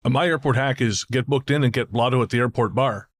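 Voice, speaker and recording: A Canadian man co-hosts a podcast in casual chat, telling stories with laughter and the occasional swear word. His voice is medium-pitched and fast.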